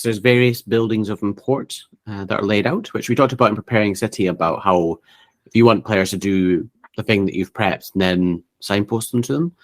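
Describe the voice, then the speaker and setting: A man co-hosting a casual tabletop gaming podcast over a call, reading out long lists with frequent fillers and restarts. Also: mid-range voice. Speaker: podcast co-host. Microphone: remote call.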